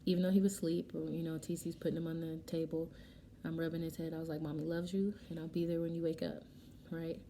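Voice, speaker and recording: Woman, young adult, very mellow dark tone, lowish voice, casual storytime, faint room hiss. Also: quick pace. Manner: emotional, animated retelling with quoted dialogue. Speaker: vlogger. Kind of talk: casual storytelling while doing makeup. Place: home, getting ready.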